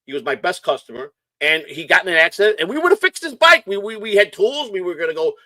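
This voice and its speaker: A middle-aged man from Chicago telling hyper, rapid stories in casual chat, swearing freely. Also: high voice, sing-song, sharp tone, dry recording. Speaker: guest.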